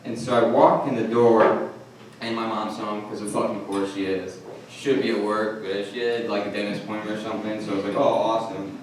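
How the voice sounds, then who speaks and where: A young man with a Detroit accent telling a rambling, self-mocking story at a live storytelling night, with halting restarts. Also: on the low side, flat delivery. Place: comedy club stage. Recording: echoey room from far off, noisy.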